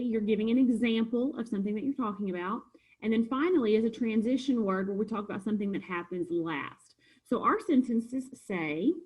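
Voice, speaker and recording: Patient teacher, female, slightly husky, explains homework answers one by one. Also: a little high, poor audio. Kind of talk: recorded homework review lesson.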